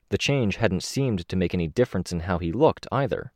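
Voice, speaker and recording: A man narrating an audiobook in a steady, expressive reading. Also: low-pitched, brisk, few pauses, no room sound, studio quality.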